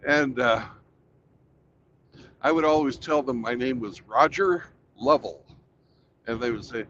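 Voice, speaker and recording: A man co-hosting a casual chat, telling stories in a lively way and swearing freely. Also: medium pitch, measured pace, long pauses. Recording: muffled lo-fi with faint background noise.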